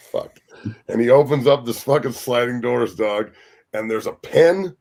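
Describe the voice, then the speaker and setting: A man, a former pro football lineman, telling loud, profane stories as a guest on a sports talk show. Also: medium pitch, measured pace. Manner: loud, profane, laughing storyteller. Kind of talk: casual storytelling.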